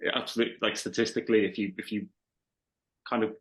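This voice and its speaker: With a lowish, steady voice, a Liverpool man from England talks fast as a guest on a podcast. The conversation is casual and thoughtful, and he frequently begins his sentences over.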